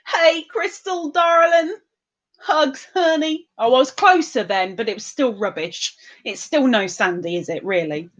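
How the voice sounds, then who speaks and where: A woman's voice: sits high, a little slow, dull audio. A woman, hosting a livestream and chatting casually as she reads out and greets viewers' comments in a sing-song, giggly way. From England. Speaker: livestream host.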